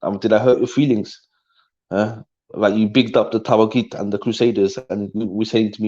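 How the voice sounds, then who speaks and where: A man's voice: fairly low pitch, steady tone, brisk, mellow. Slangy man, dull lo-fi audio. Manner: slangy, rambling, trails off. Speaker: live stream host. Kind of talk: casual live chat.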